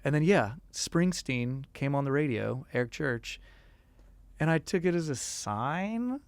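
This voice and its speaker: A man's voice: on the high side, lively intonation, measured pace, no room sound. A man in his thirties, a musician guest in a casual interview, who tells stories animatedly with many fillers and acted quotes.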